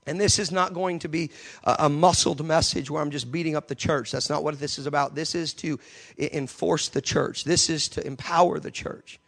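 A man preaching a passionate sermon as a pastor in a church, with sudden loud outbursts. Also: fairly high pitch, fairly even intonation, moderate pace, creaky.

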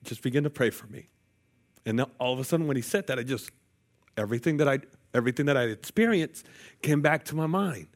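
A man's voice: medium pitch, quick pace. A man preaching a sermon, telling a personal story with playful jokes to the congregation. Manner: lively, jokey asides to the congregation. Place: church sanctuary.

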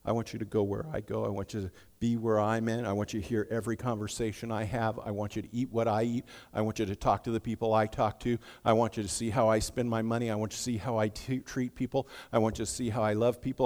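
A man voicing a busy, stern male graduate student who speaks in low, fast, clipped demands. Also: level tone, darkish tone, long reverb tail, lightly acted. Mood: firm.

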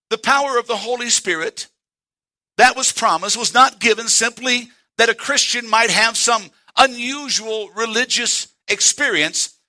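A male pastor, preaching a sermon in church and quoting scripture with slow, emphatic stresses. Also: sits high, sharp tone.

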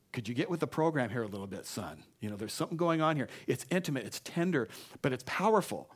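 A pastor preaching a sermon, reading scripture with emphatic repeated phrases and slipping into casual asides. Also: male voice, on the high side, expressive, a little fast. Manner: conversational asides with frequent restarts.

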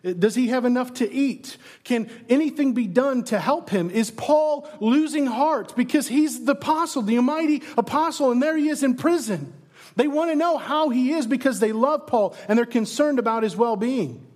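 A pastor with a high voice preaches earnestly at a normal speed, his tone a little mellow. He keeps posing rhetorical questions to the congregation and sometimes stumbles over repeated words when pressing a point.

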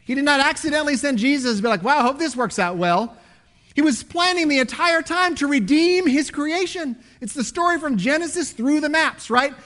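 A man preaching a sermon as pastor, animated, swinging between loud emphasis and hushed asides. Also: extremely high pitch, fairly quick, hardly any pauses.

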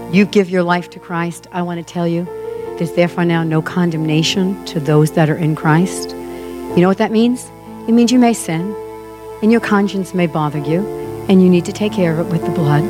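A woman preacher delivering an earnest, emphatic sermon. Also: on the low side. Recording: music underneath.

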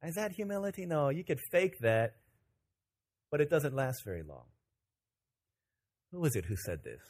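Animated joking preacher, man. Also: on the high side, moderate pace. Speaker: pastor. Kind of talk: sermon.

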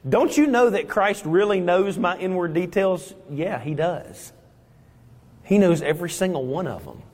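A male pastor preaching a sermon, dramatic and swinging between loud emphasis and hushed moments. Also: sits high, animated, a little slow. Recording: long reverb in a large hall.

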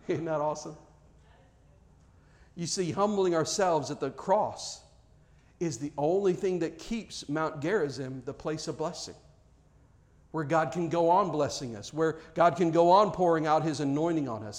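High-voiced preaching pastor. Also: male voice, measured pace, long pauses, darkish tone. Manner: earnest preaching with frequent restarts and rising emphasis. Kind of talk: sermon.

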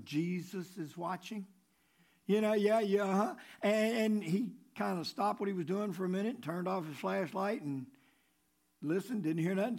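A man preaching a sermon in a conversational way, repeating key phrases and dropping low before rising for emphasis. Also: darkish tone. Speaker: pastor.

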